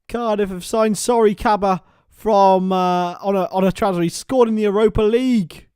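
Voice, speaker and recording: A young man hosting a casual live stream, chatting with viewers by name and bursting into excited shouts. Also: high voice, normal speed, smooth, no room sound, studio quality. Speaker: livestream host.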